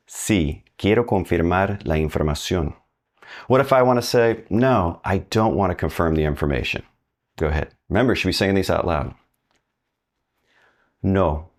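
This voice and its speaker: Guy with a really deep voice running a language lesson, chatty, slows down to model phrases. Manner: upbeat, conversational, models phrases slowly; asks the learner questions and pauses for answers. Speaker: Spanish teacher.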